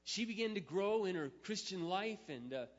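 A man's voice: high voice, expressive, normal speed. Man preaching in a reverberant hall. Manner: swings from quiet intimate storytelling to loud emphatic preaching. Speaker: pastor. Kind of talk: sermon storytelling. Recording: muffled sound with long hall reverb.

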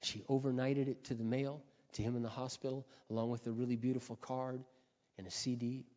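A middle-aged man delivers a sermon through earnest personal stories, pausing often to clear his throat. His voice sits at an ordinary pitch and carries a long reverb from a large hall. The recording is muffled and lo-fi. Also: flat delivery, warm tone. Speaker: preacher. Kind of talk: sermon storytelling.

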